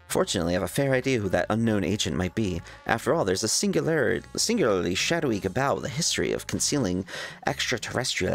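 A man's voice: on the low side, gravelly. A man streaming a game and reading its dialogue aloud in a playful, jokey way. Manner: playful, laughing, jokey asides. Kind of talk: casual let's-play reaction, reading dialogue aloud.

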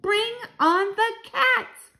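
Eager storybook mouse-boy, woman reader, high and lively. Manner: excited, quick to exclaim.

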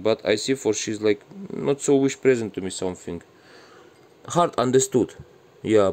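A man's voice: mid-range voice, a little mellow. A man with Russian as his first language shows his home plants in casual broken English, mixing in Indonesian and Arabic words. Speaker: gardening vlogger. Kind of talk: casual garden walkthrough.

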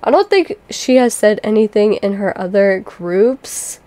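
A woman's voice: medium pitch, animated, measured pace, dark tone, no echo. A woman chatting casually to her viewers about game lore, with lots of fillers and asides to the audience. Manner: chatty, filler-heavy, keeps addressing viewers. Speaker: gaming video creator.

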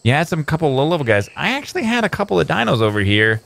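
A man hosting a gameplay video, upbeat and excitable, joking with a guest. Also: on the high side, rapid-fire, creaky. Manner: upbeat and excitable, playful banter. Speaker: host. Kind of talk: casual gameplay commentary.

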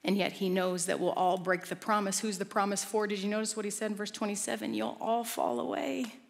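A woman preaching a sermon in an animated, playful, conversational way, bringing a live congregation along. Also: mid-range voice, fast talker. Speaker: guest preacher. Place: large church auditorium with live congregation. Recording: long church hall reverb.

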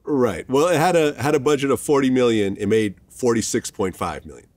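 A man's voice: mid-range voice, a little fast, a little mellow, dry recording. A man interviewing a guest in casual chat, laughing and reacting in an easygoing way.

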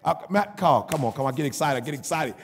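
High, raspy-edged male preacher, animated storytelling with call-and-response, in a reverberant hall. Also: quick pace. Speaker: pastor. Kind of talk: sermon storytelling.

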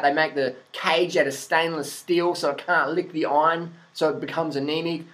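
A man's voice: on the high side, a bit bright. A man vlogging a blunt, profane opinion rant to the camera, laughing at his own points.

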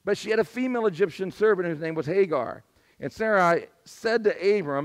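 Male pastor, high voice, squeaky and strained, conversational sermon delivery. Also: lively intonation, a little fast. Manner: conversational preaching, asks the congregation for responses. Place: church sanctuary.

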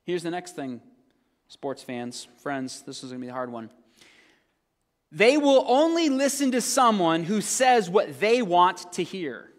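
A male pastor preaching a sermon, his voice sitting a little high for a man. He swings from loud, emphatic points down to hushed, conversational asides. His words ring out with a long hall reverb. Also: very animated, unhurried. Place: church sanctuary.

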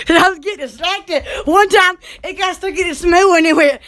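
A woman's voice: very high voice, animated, unhurried, pushed and bright. A woman hosting her own channel, chatting in a giggly, rambling way with frequent exclamations and laughter. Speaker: channel host. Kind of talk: giggly rambling livestream chat.

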